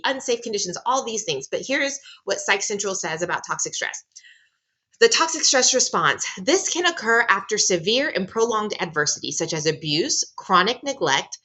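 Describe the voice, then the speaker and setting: A woman's voice: medium pitch, pushed and bright. A woman giving a casual lecture, emphatic and repeating phrases for stress.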